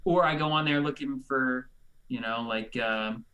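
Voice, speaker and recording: A man's voice: mid-range voice, measured pace, bright, forceful tone. A man chatting as a guest on a live stream, rambling and hesitant and full of fillers. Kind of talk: casual streamed chat.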